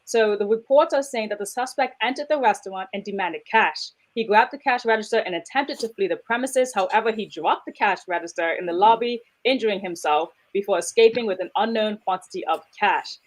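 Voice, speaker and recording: A woman co-hosting a morning talk show, moving briskly through stories and news headlines. She talks fast and keeps a chatty tone while reading out the headlines. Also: mid-range voice, poor audio. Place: radio talk show studio.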